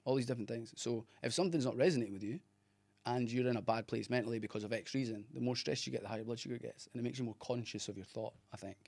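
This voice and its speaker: A man's voice: mid-range voice, rapid-fire, vocal fry, darkish tone, no echo. A man in his thirties, an actor guest in casual chat, telling stories animatedly and laughing often.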